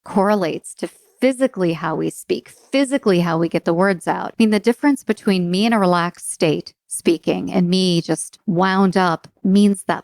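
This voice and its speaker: A woman hosting a podcast interview, talking candidly and thinking out loud with some filler words. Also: mid-range voice, gravelly, no room sound, clean studio sound. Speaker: podcast host. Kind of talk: casual interview chat.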